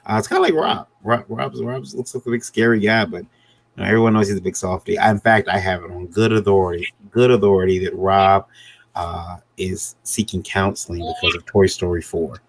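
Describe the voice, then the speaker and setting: A man with a very low voice talks casually on a video call, wandering through his thoughts and restarting sentences. He keeps things joking and loose as he chats about characters. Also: fairly even intonation, fairly quick, vocal fry. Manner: rambling, self-interrupting, jokey. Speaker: comic creator guest. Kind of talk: casual panel chat.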